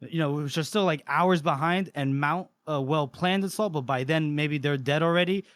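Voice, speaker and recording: A man's voice: fairly high pitch, moderate pace, no room sound. A man co-hosting a podcast, casually recapping a book and acting out the characters' lines. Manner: animated retelling, acts out the characters' lines. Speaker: podcast co-host.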